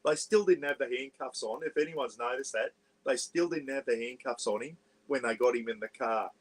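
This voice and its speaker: Broadcasting a livestream from his parked caravan, a man with an Australian accent chats in a rambling, casual way, often saying "bloody." His mid-range voice is steady at a normal speed, and the recording quality is low.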